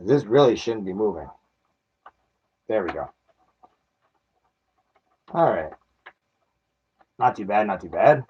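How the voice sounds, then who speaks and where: A man's voice: medium pitch, a little mellow. Chatty man with a lo-fi home mic. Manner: chatty, self-mocking, laughs at himself. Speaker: toy collector unboxing. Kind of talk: casual unboxing chat.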